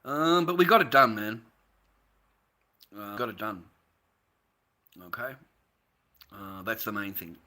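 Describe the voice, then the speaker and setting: Very bright-voiced sweary Australian man. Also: on the low side, expressive, slow pace, long pauses. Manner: sweary, rambling, swings between ranting and weary. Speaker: livestream host. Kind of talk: casual livestream talk to viewers.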